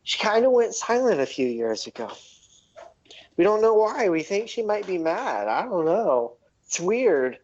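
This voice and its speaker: A man's voice: big pitch swings, a little slow, a little mellow, heavily acted. A man voicing a weary male gnome leader who sighs and rambles in a raised voice, on a dull lo-fi recording. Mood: troubled, musing. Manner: sighing, raised pitch, rambling. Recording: dull lo-fi audio.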